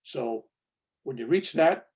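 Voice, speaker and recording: A male reverend answering a student's question in an informal spiritual talk, animated and acting out the voices he quotes. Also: mid-range voice, takes it slowly, slightly rough.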